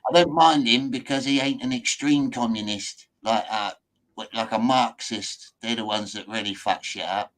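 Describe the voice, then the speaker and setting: A man's voice: mid-range voice, fairly even intonation, moderate pace, fairly bright tone, rough recording. A man from Britain hosting a casual chat, laid-back and chatty, with British slang like "mate" and "lads". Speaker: host.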